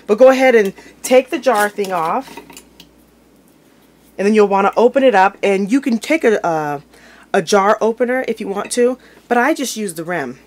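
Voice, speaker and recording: A woman's voice: mid-range voice, lively intonation, normal speed. A woman with a mid-range voice chats her way through a kitchen demonstration, talking informally as she handles jars and food. Dishes and cutlery clink now and then, and a faint hiss sits under the recording. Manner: chatty and informal, talks while handling food. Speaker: home cooking video host. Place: home kitchen.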